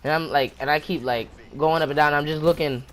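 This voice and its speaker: A man's voice: on the high side, steady tone, brisk, a little hiss or hum. A man hosting his own channel, telling a personal story time tale in a rambling, breathless way, often restarting his sentences. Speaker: channel host.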